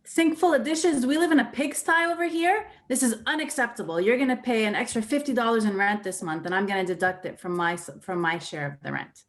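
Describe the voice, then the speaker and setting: A woman playing a blunt, angry roommate in a role-play exercise, talking loudly and indignantly. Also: fairly high pitch, fairly quick, few pauses, lightly acted. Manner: loud, indignant.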